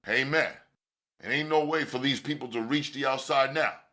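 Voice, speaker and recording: Audiobook side role: cocky gang member, loose slangy delivery, voiced higher than the reader, by a man. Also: normal speed, bright, forceful tone, lightly acted. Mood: pleased. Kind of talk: audiobook character voice.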